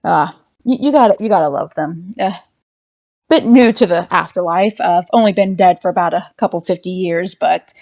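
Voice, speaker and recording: Woman doing a sweet ghost lady who runs a manor, motherly and giggly, a bit quiet. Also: on the low side, normal speed, no room sound. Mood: fond.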